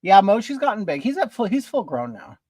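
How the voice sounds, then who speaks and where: His voice sits high and sing-song, brisk and a little mellow, recorded with no room sound. He's a man hosting a casual stream from home as he does his makeup, greeting viewers by name and reading their comments out loud in a chatty way.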